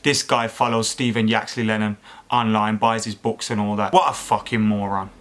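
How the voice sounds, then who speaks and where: A man's voice: lowish voice, fairly even intonation, moderate pace, fairly bright tone. A man hosts a comedy vlog, reading online comments aloud and mocking them with sarcastic, exasperated rhetorical questions and plenty of swearing. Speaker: YouTube host reacting to online comments.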